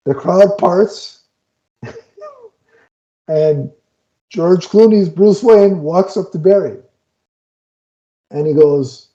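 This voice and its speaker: Mellow-voiced man retelling a film, lo-fi. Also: fairly high pitch, takes it slowly, pauses often. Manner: animated retelling, many restarts and fillers. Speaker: podcast co-host reviewing a film. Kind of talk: casual film review chat.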